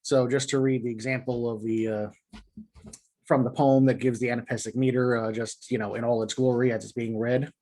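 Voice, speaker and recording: A man hosting a video lesson on poetic meter, explaining in a relaxed, casual way with many fillers. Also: medium pitch. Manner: reads poem lines slowly and rhythmically. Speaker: poetry teacher and video host.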